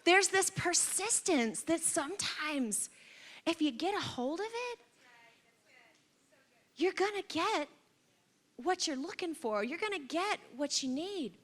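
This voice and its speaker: A woman pastor preaching a sermon in a church, telling stories in an animated way with humorous, exaggerated asides. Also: very high-pitched, takes it slowly, long pauses. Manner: animated storytelling with acted-out quotes.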